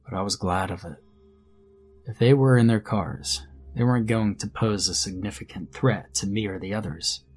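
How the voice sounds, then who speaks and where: A man narrating a first-person horror story in a measured, grim storytelling manner. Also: on the low side, a little mellow. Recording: faint background music under narration.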